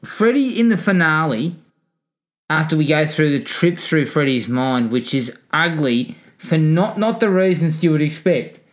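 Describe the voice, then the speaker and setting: Man, slightly high pitch, wry, casual film chat. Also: lively intonation, unhurried.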